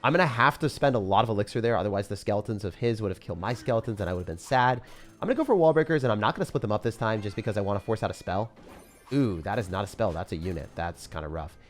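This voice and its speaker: A young man talks through his match as it happens, his voice leaping between loud excited bursts and quiet muttered asides. He jokes at his opponent and keeps up a running play-by-play, with faint music playing underneath. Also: racing. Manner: excitable, jokey, swings from loud hype to low mutters. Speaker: gaming commentator. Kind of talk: live gameplay commentary.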